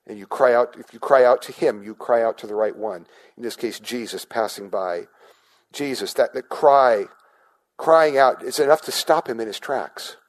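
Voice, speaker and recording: A man's voice: mid-range voice, normal speed, poor audio. A male pastor giving a sermon in a conversational way, often asking the congregation questions and restarting his words.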